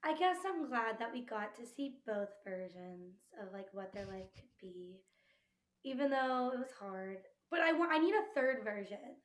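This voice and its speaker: A woman chatting casually about a film on a podcast, telling her reactions in an animated, expressive way. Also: on the high side, moderate pace. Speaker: podcast panelist. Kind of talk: casual movie discussion. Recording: roomy echo.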